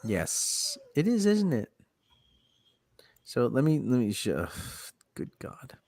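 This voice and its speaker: A man's voice: mid-range voice, huge pitch swings, slow, a little mellow. A man hosting a casual chat show, sarcastic and exasperated, sighing often. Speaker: podcast host. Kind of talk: casual chat about movie news.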